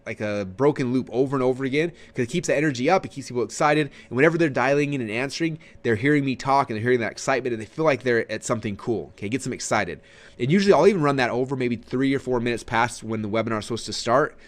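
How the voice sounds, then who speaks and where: A man teaching marketing in a casual, energetic way, swinging his voice up and down, with many fillers and repeated words. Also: very fast. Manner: energetic, animated, swings pitch up and down. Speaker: webinar trainer.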